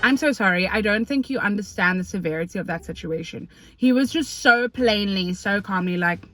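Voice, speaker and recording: A young South African woman talking to camera from her car, telling a story in an excitable, chatty way with lots of slang and fillers. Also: medium pitch, normal speed, no room sound, soft background music. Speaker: vlogger. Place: parked car.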